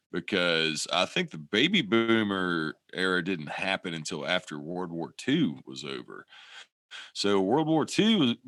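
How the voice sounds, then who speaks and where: A man's voice: low voice, bright, forceful tone, dry recording, clean studio sound. A man co-hosting a podcast in casual chat, rambling and swearing a lot, often restarting his sentences. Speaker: podcast co-host.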